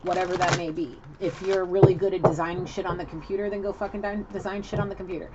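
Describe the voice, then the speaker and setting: A woman giving a casual tarot card reading, chatty, excitable and profane. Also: on the low side, fast talker. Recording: lo-fi with loud hiss.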